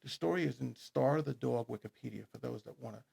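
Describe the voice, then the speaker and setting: A man with a New York accent, a guest author telling his story in a studio interview, animated and rambling. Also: mid-range voice, fast talker. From New York City. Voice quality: gravelly, husky. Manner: animated, rambling storyteller who speeds up and gets loud when excited.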